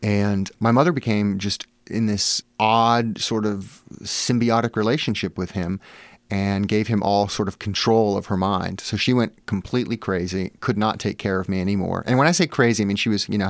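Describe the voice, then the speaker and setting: A man's voice: on the low side, steady tone, brisk, gravelly, no room sound. A man from Massachusetts, a memoir author, telling personal stories in an interview with candid, wry humor and frequent "you know" fillers.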